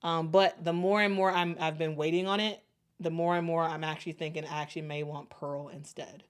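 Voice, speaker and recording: A young woman with a Chicago accent hosting a casual sports livestream, talking in a halting way with lots of fillers and restarts. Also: low voice, fairly even intonation, clear, resonant tone. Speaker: sports show host. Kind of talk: casual livestream chat reading super chats.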